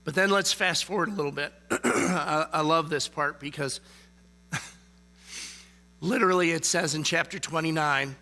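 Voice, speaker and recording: Bright-voiced man preaching casually. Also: a little high, normal speed, pauses often. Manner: conversational, frequent "okay?" check-ins. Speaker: lay preacher. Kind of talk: casual sermon.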